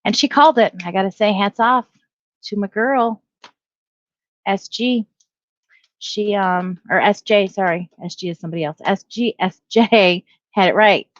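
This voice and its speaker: A middle-aged woman talks through the news in loose commentary, reading headlines aloud and correcting herself as she goes. Her voice sits in an ordinary middle pitch. The recording is dry and a little dull. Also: measured pace, dry recording. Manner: rambling, self-correcting, reads headlines aloud. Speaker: video blogger. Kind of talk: casual opinion commentary.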